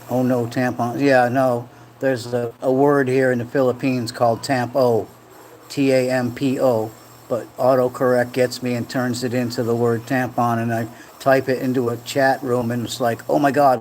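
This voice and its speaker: A man's voice: medium pitch, a little mellow, slight background noise. Rambling, jokey man hosting a livestream. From Rhode Island. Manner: rambling, jokey, reads chat comments aloud. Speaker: livestream host. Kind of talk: casual live-stream chat. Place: home room in the Philippines.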